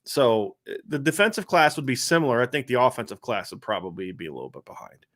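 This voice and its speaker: A man's voice: medium pitch, big pitch swings, quick pace, a bit bright. A man hosting a sports talk podcast, chatting casually and rambling with lots of filler words. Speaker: podcast host.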